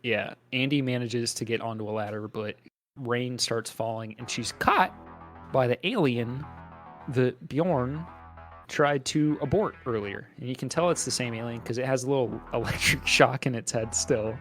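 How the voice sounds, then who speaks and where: A man's voice: mid-range voice, normal speed, fairly bright tone, soft background music. A man co-hosting a podcast, casually recapping a movie plot with profane, jokey asides. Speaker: podcast co-host.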